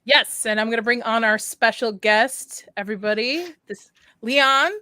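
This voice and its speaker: A woman's voice: on the high side, a little slow, pushed and bright, no room sound, studio quality. A chatty woman hosting a casual live stream, laughing as she talks and getting over a flu. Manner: chatty, laughs between words. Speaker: stream host.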